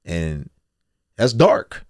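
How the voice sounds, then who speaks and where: A man's voice: sits low, extremely slow, dry recording, studio quality. A man in his forties, a guest telling his life story candidly and acting out the voices of others. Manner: animated storyteller, acts out quotes.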